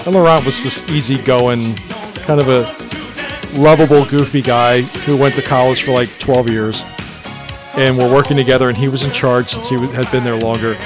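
A man co-hosting a podcast, chatting casually about old pop hits and telling stories, sometimes trailing off softly. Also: mid-range voice, steady tone, normal speed. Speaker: podcast co-host. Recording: music playing under the talk.

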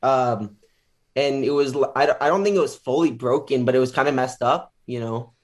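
A man being interviewed as a guest, casually retelling a story with lots of filler words and animated quotes. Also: mid-range voice, moderate pace.

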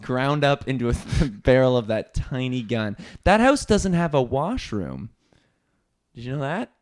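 A man's voice: mid-range voice, very animated, measured pace. Rambling, stammering man hosting a comedy show. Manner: rambling and hesitant, full of stammers and comic excuses. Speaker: podcast host. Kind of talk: improvised comedy banter.

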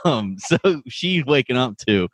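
A laid-back man co-hosts a casual podcast and laughs often. His pitch moves in a lively way through his sentences. The recording is dry and close. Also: a little slow, dry recording. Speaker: podcast co-host.

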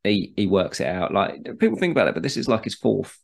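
A man's voice: on the low side, big pitch swings, quick pace, vocal fry. A man in casual podcast chat about football, talking loosely and repeating words as he restarts. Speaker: podcast co-host.

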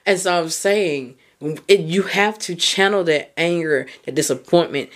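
A woman's voice: on the low side, measured pace. Candid, laughing woman podcast host. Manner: candid and conversational, casual swearing, frequent laughter. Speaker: podcast host and mindset coach. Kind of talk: casual podcast monologue.

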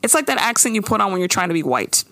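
A woman hosting a casual podcast, recapping a TV episode in an animated way, swearing freely and slipping into quoted voices. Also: mid-range voice, very fast, no echo, clean studio sound. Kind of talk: casual chat.

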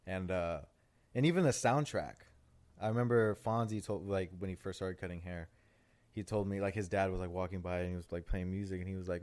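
Young male podcast co-host, deep voice, loose rambling delivery, swears. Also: steady tone, brisk, darkish tone. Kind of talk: casual chat.

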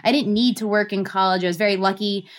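Animated woman guest with lots of fillers. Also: mid-range voice, fast talker. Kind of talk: casual storytelling interview.

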